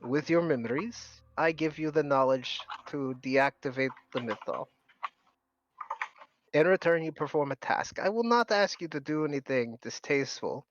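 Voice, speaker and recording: A man's voice: on the high side, expressive, moderate pace, highs cut off, a little hiss or hum, close to an everyday voice. A man playing a suave scheming devil lord. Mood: bargaining. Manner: smooth, polite, bargaining.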